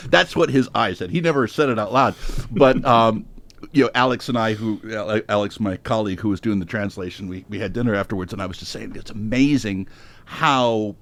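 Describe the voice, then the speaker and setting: A man on a panel telling an animated story, full of restarts and self-interruptions. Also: fairly low pitch, brisk. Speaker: panelist and trainer.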